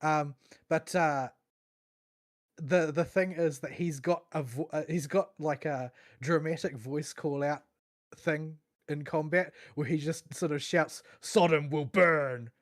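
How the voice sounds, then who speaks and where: A man's voice: fairly high pitch, fairly even intonation, unhurried. A man co-hosting a podcast, hesitant and full of fillers and restarts, with a dry wit. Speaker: podcast co-host. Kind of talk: casual chat.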